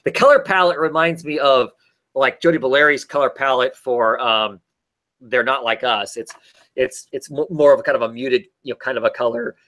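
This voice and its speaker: A man's voice: medium pitch, moderate pace, a bit bright. A man casually recapping a comic story, rambling with many fillers and restarts. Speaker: podcast co-host reviewing comics. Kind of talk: casual chat.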